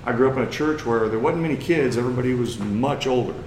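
A man's voice: mid-range voice, fast talker, darkish tone, echoey room, a little hiss or hum, rough recording. A man from Missouri with a Missouri accent, preaching a lesson in a plain-spoken, folksy way that climbs into emphatic bursts. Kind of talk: sermon lesson.

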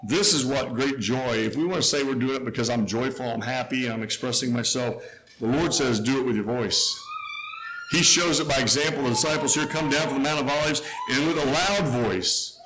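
Man preaching, emphatic sermon, mid-pitched voice, faint background noise. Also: fairly quick. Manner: emphatic, rising to a near shout then dropping low.

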